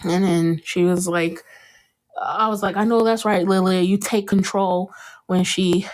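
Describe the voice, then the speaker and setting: A young woman hosting a casual podcast, recapping an episode and acting out what the characters said with sudden jumps in pitch and frequent laughter. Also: a little slow. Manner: animated, acts out quotes in a jumped-up pitch, laughs often. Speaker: podcast host.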